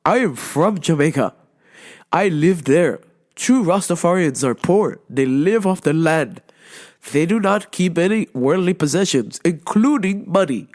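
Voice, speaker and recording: A woman's voice: on the low side, expressive, measured pace, a little mellow. A woman imitating her stubborn older father from Jamaica, who lectures and insists with repeated points. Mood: scornful.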